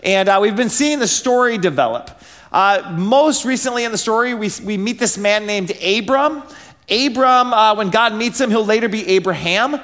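A male pastor in his thirties with a fairly high voice preaches in a loose, conversational way. He keeps asking rhetorical questions and pads his talk with ums and likes. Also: animated, normal speed, a bit bright. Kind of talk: sermon.

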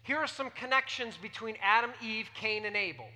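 A preacher with a bright, forceful voice teaches a sermon and keeps putting questions to the listeners. The voice carries a long reverb, as from a large hall. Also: mid-range voice, lively intonation, moderate pace. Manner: teaching, asks the audience questions.

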